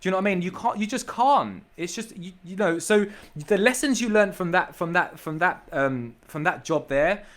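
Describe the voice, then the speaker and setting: A man's voice: high-pitched, lively intonation, moderate pace, hardly any pauses, fairly bright tone. Eager, emphatic man on a podcast. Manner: enthusiastic, emphatic, repeats himself, calls people bro. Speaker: podcast guest, tree surgery business owner. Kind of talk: casual podcast chat.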